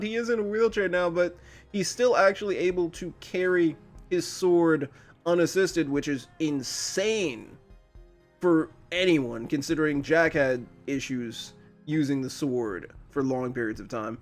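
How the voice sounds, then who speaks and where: A man hosting a casual episode reaction review, chatty and quick with frequent laughs. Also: a little high, soft background music. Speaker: channel host.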